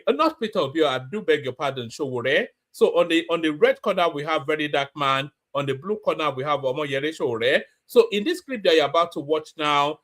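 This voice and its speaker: Guy riffing on the news, bit high voice, swings all over, mocking. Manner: mocking, animated, many fillers and restarts. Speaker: commentary channel host. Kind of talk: casual news commentary.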